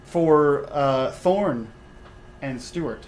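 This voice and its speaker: A man's voice: medium pitch, fairly even intonation, normal speed, a little hiss or hum, poor audio. A man narrating a tabletop role-playing game as dungeon master, describing scenes with frequent restarts and fillers. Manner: descriptive, restarts often with uh and repeated words.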